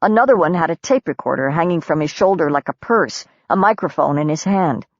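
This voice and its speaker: A woman with a somewhat low voice reads a novel aloud in a measured, steady way. The recording is very dry and a bit dull, with no room sound. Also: no room sound. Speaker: audiobook narrator. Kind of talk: scripted narration.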